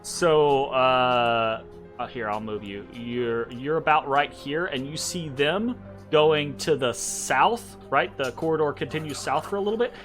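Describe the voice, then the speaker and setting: Bright-voiced man running a tabletop game. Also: medium pitch, unhurried. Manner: casual, loose, with many fillers and tag questions. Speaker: game master. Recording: faint background music.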